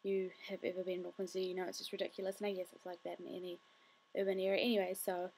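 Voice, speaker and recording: A woman's voice: fairly low pitch, monotone, very fast, darkish tone, a little hiss or hum. A tired young woman telling a story in a chatty, rambling way with many fillers. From New Zealand. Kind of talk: casual storytelling vlog.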